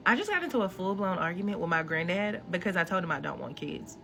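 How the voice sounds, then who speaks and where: A woman telling a story to camera, animated and exasperated. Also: lowish voice, fast talker, creaky, soft background music.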